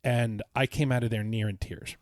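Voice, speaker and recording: A man's voice: lowish voice, fairly even intonation, moderate pace, a little mellow, no echo. A man co-hosting a podcast, telling a long, enthusiastic travel story in a casual, rambling way with many restarts. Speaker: podcast co-host. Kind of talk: casual chat.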